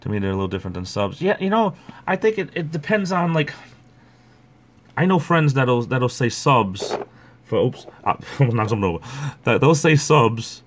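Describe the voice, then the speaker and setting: A man's voice: mid-range voice, very animated, moderate pace, slight background noise. A middle-aged man, hosting a livestream and chatting casually in a rambling way. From Rhode Island. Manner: rambling, chatty, greets viewers by name. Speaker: livestream host. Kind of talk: casual chat.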